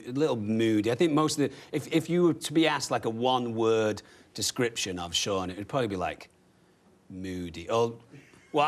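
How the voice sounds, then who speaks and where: A man from England, an actor chatting as a guest, rambling with lots of you know and like. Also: medium pitch. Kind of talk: casual chat.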